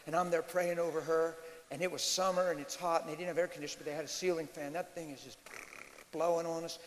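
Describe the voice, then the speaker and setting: High-voiced man preaching in a reverberant hall. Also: a little hiss or hum. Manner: animated, swings from hushed storytelling to shouted exhortation. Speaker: pastor. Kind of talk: sermon.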